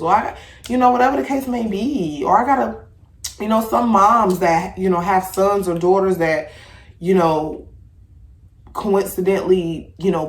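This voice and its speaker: A woman hosting a casual podcast chat, talking bluntly with plenty of swearing and lively storytelling. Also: medium pitch, roomy sound. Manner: blunt, profane, animated storytelling. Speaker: podcast host. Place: home room with incense.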